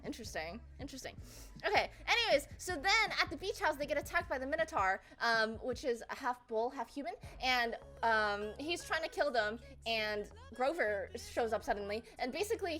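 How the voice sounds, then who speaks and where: A young adult woman giving a casual comic recap of a slideshow, rambling and profane, with lots of fillers and quick asides. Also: a little high, a bit bright. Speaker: presenter.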